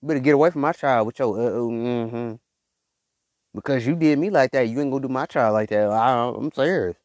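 A man's voice: medium pitch, a little fast, darkish tone, dry recording, clean studio sound. A man and father hosting a motivational monologue, emphatic and repetitive, in casual slang. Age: adult father. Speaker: podcast host.

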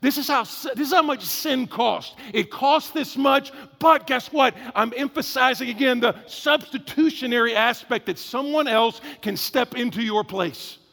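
High-voiced gravelly preacher in a hall. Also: male voice, unhurried, hardly any pauses. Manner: energetic, conversational preaching with acted asides. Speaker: pastor. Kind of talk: sermon. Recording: long hall reverb.

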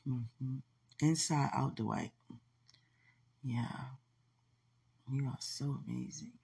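A woman hosting a casual livestream chat, gushing with affection and laughing easily. Her voice is gravelly and husky, and she takes her time with each word. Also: a bass voice, slow pace, warm tone. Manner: effusive and affectionate, laughing often. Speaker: podcast host.

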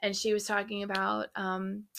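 A woman's voice: medium pitch, monotone, moderate pace, creaky, background noise. A middle-aged mother talking casually about faith and love as a podcast guest, earnest and affirming. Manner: earnest, affirming with frequent mm-hmms.

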